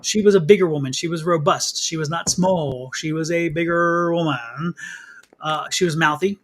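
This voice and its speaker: High-pitched guy doing a live tarot reading, chatty, teasing, repeats stuff. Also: moderate pace, fairly bright tone. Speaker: psychic reader and host.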